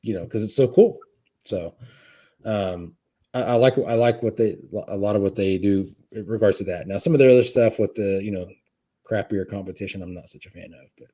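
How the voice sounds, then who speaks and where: Low-voiced man chatting haltingly. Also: warm tone, slightly rough. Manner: halting, lots of restarts and fillers. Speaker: guest. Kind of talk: casual chat. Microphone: live stream setup.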